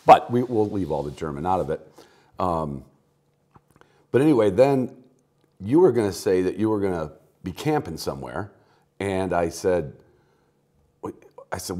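A man's voice: low voice, big pitch swings, normal speed, pauses often, a little mellow. A road-weary man hosting a podcast in casual, rambling chat, joking about himself between asides, recorded at a picnic table in a garage. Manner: jokey, self-mocking, rambling asides. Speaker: podcast host.

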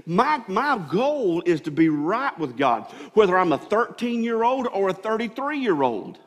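A pastor preaches from the pulpit in a high, ringing voice, repeating and restarting phrases as he builds toward his point. His voice trails off into the long reverb of the church sanctuary around him. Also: sing-song, a little slow. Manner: preaching with many restarts and rising emphasis. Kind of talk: sermon.

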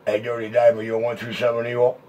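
A man's voice: mid-range voice, monotone, quick pace, a little mellow, slight background noise. A man on CB radio, repeating his call signs in a sing-song chant. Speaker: CB radio operator. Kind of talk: CB radio chatter. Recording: muffled CB radio audio.

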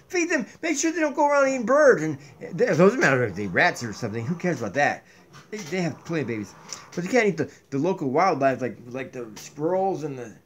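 A man's voice: high-pitched, a little hiss or hum. A man vlogging casually at home with a puppet, rambling with many restarts, recorded on a tablet in a kitchen. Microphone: tablet built-in mic.

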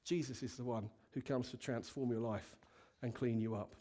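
A man's voice: medium pitch, fairly even intonation, moderate pace, mellow. A male pastor giving a sermon to a congregation, telling a story in a candid, conversational way and asking the room questions. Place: church hall with a congregation.

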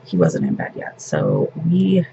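A woman's voice: on the low side, very animated, moderate pace, gravelly, dark tone, lo-fi sound, a little hiss or hum. A woman in her fifties, a grandmother and vlogger, telling a family story in casual, rambling chat.

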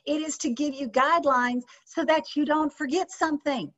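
A woman teaching a sales training session, lively and often checking in with her audience with questions. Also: high voice, normal speed. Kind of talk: training session on a video call. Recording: slightly dull lo-fi sound.

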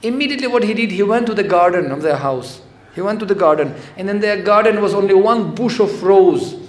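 High-voiced man giving a devotional lecture. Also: a little fast. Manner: conversational, animated, acts out quotes. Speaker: spiritual lecturer. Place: temple hall. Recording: echoey hall with faint noise.

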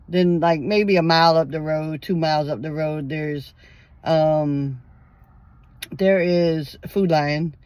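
A woman's voice: mid-range voice, measured pace, dry recording. Woman vlogger, profane storytime rant, acts out both sides, close and dry. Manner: profane, heated venting, acts out the exchange. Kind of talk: ranting storytime vlog.

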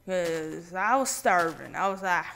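A man hosting his own gaming channel, giving casual let's-play commentary with random, jokey, excitable banter. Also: high voice, a little slow, vocal fry, a little hiss or hum.

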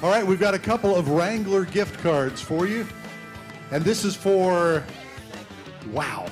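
A man hosting a live event, giving away prizes in a brisk, upbeat way while he talks to the audience. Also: high-pitched, expressive, soft background music. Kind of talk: live emcee announcements.

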